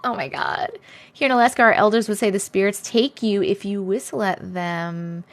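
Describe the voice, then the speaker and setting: A woman's voice: mid-range voice, steady tone, moderate pace, noisy background. A woman hosting a casual live stream, chatting, reading viewer comments aloud and greeting viewers by name with frequent laughs.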